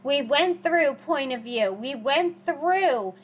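A high-pitched woman teacher talks through her slides, hammering key points with repeated rhetorical questions. The recording is dull and lo-fi, with a faint hum underneath. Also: lively intonation, takes it slowly. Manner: repetitive, emphatic, asks rhetorical questions. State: has the hiccups. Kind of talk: recorded classroom lecture over slides.

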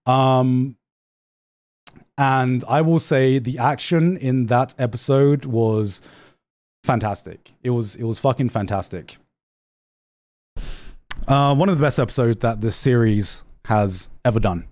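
A young man streaming a casual anime rant, excitable and repetitive, swearing often. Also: mid-range voice, takes it slowly, long pauses. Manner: excitable, swears a lot, repeats himself. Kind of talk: animated casual ranting.

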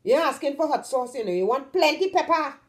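Trini woman vlogging, kinda high voice, leans hard on words and keeps asking if you get it. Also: lively intonation, a little fast. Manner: emphatic, draws out stressed words, keeps asking "you understand?". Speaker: vlog host. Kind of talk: casual talk to camera.

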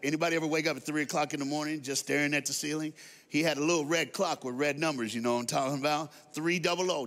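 A man preaches to a congregation, telling a story and turning to the crowd with jokes. His voice sits a little high for a man. It rings out through a large hall with a long reverb. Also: fairly bright tone. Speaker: guest speaker. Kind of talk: storytelling sermon.

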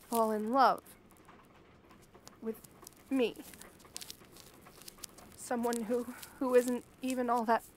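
A woman's voice: fairly high pitch, a little hiss or hum. A young woman acting a frightened captive in an audio drama, stammering and pleading. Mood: pleading, scared. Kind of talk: audio role-play.

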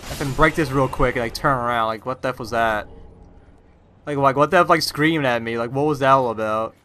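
A man's voice: mid-range voice, brisk, pushed and bright. A young man casually commenting on a video game as he plays, rambling with constant "like" and startled outbursts. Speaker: gameplay commentator. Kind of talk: casual let's-play commentary.

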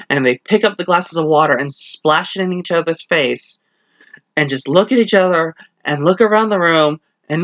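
An enthusiastic reviewer rambles through a casual spoken review, stacking up fillers and now and then acting out bits of dialogue. The voice sits in a middle pitch. The recording is dry and close, with no room echo. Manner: acts out quoted dialogue in shifting voices. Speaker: play reviewer.

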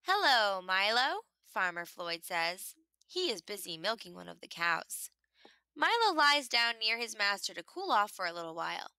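A woman reading a children's picture book aloud in an expressive storytelling manner, making the animal sounds herself. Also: mid-range voice, moderate pace, clean tone, no echo.

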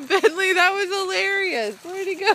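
A woman's voice: very high-pitched, normal speed, heavy background noise. A woman filming her dogs outdoors by the water, talking to them in a cheerful, laughing way and cheering them on. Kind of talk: casual vlog narration.

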